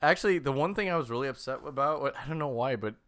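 A man co-hosting a podcast, chatting playfully about a film with jokey, excitable asides. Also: medium pitch, fast, smooth. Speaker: podcast co-host. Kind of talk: casual movie review chat. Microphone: remote call microphone.

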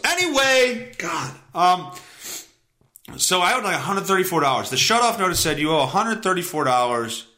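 A podcast host telling an exasperated story in a casual comedic rant, acting out both sides of a phone call and swinging between loud outbursts and muttered asides. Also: male voice, on the high side.

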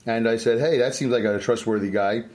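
A man's voice: mid-range voice, a little fast, darkish tone. New York man hosting, joking banter. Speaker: podcast host. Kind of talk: casual chat.

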